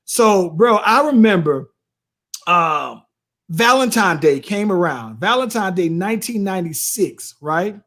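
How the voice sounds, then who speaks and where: A man in his late thirties, co-hosting a podcast and telling a story in an animated, slangy way, often tossing in "bro" and "right?". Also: high voice, a little slow. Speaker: podcast co-host. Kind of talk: casual storytelling chat.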